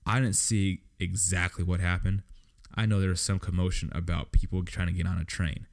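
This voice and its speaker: A young man with a low-pitched voice tells a story on his solo podcast. His voice has plenty of vocal fry, and he swears constantly and sounds exasperated as he vents. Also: flat delivery, fairly quick. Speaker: podcast host. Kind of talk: casual solo podcast rant.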